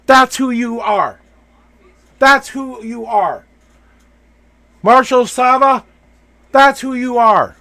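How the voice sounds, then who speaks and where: A man's voice: very high voice, slow, long pauses, pushed and bright. A man hosting a live tarot reading, coaching the person he reads for with emphatic, repeated affirmations.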